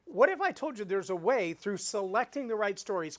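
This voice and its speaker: A man's voice: sits high, brisk. A middle-aged man, a speaking coach, teaching storytelling in a live webinar, acting out the voices he quotes. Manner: animated, acts out quoted voices.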